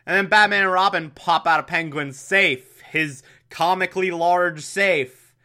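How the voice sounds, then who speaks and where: A man's voice: sits high, unhurried, bright, forceful tone. A man giving a casual, amused recap of a TV episode, often breaking into laughter.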